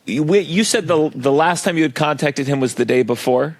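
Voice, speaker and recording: A man's voice: a little high, normal speed, no echo. A man hosting a comedy podcast, chatting casually and teasing his guest in a wry way. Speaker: podcast host.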